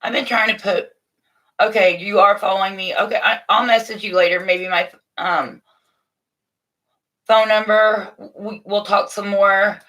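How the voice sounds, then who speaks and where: A middle-aged woman hosting a casual morning livestream, chatting warmly and motherly with viewers from a room at home, with frequent restarts. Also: medium pitch, steady tone, unhurried. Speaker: livestream host. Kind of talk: casual live chat to viewers.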